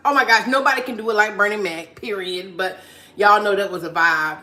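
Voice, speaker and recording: A woman's voice: mid-range voice, fairly even intonation, brisk, pushed and bright. A mother hosting a casual live stream from home while cleaning, chatting with viewers and encouraging them, repeating her phrases. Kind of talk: casual chat reading viewer comments. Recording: echoey room.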